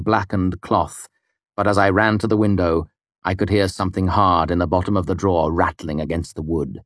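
A man narrates a first-person audiobook in a deep, low register. His delivery is measured and quietly wry. The sound is close and dry, with no room around it. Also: no room sound.

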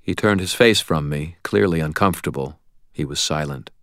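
A man narrating a novel in the first person, telling it in a steady, plain way. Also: a bass voice, moderate pace, no room sound, studio quality. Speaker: audiobook narrator.

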